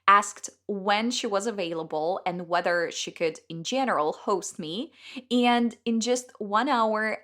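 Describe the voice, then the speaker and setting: A young woman with Russian as her first language, hosting an English-learning podcast in a clear, upbeat, deliberate way. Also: mid-range voice, a bit bright. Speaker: English teacher and podcast host. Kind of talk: scripted podcast monologue.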